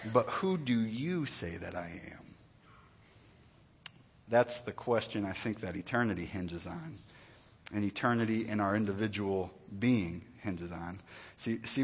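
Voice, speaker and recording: Male pastor, mid-pitched, chatty sermon delivery with asides. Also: slightly rough. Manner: conversational, joking asides, repeats words.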